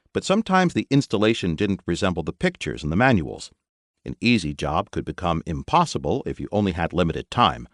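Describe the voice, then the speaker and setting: Brief: expressive male audiobook narrator, deep and animated, dry studio read. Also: dry recording. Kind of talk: scripted narration.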